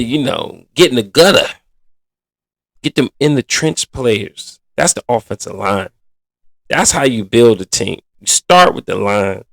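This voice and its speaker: Here a sports podcast host speaks in a mid-range, somewhat bright voice with no echo around it. His delivery is casual, blunt and exasperated, and slang runs all through it.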